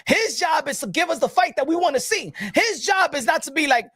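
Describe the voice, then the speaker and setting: A man giving opinionated boxing commentary. He talks in heated, profane bursts, repeats words, and rises to shouting. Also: very high-pitched, lively intonation, fairly quick, no room sound, clean studio sound.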